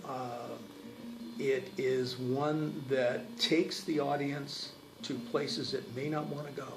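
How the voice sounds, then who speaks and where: A man's voice: medium pitch, steady tone, takes it slowly, reverberant, noisy background. A man, a stage actor, speaking thoughtfully about his role in an interview, with frequent hesitations. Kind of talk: promotional interview.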